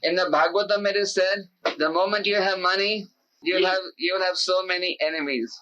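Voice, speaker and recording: A man giving an animated sermon as a spiritual teacher, emphatic and pleading, acting out the voices he quotes. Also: high-pitched, a little fast, a little hiss or hum. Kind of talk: sermon to a live gathering. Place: indoor hall with an audience. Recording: dull lo-fi tape recording.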